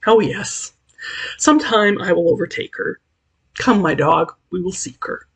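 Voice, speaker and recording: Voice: medium pitch, measured pace, breathy edge. A reader voicing a heartbroken, gaunt old man who wistfully searches for his lost love, speaking in a raised, pleading tone. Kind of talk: audiobook character voice.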